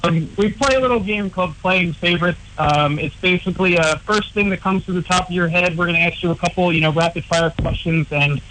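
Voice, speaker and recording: Bright-voiced hesitant male co-host. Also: sits high, a little fast, hardly any pauses, a little hiss or hum, poor audio. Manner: hesitant, many filler sounds. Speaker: radio show co-host. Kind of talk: casual radio interview.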